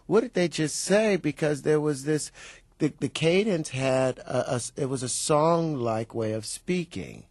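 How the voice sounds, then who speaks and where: A man's voice: fairly high pitch, lively intonation, a little slow, darkish tone, dry recording. Chatty male actor, dry close sound. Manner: chatty, laughs easily, imitates others. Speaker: actor, interview guest. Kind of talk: interview conversation.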